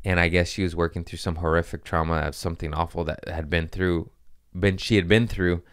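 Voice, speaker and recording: Low-voiced profane man telling stories. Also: fairly quick, no echo, clean studio sound. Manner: profane, animated, laughs at own jokes. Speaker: podcast host. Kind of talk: casual storytelling monologue.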